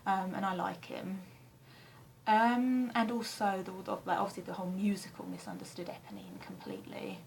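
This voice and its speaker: A young woman from England chatting casually to camera in her flat, rambling and self-deprecating with frequent ums and the odd swear word. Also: mid-range voice, normal speed, creaky, slight background noise, low-quality recording. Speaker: vlogger answering a tag questionnaire. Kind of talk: casual chat. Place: flat, indoors.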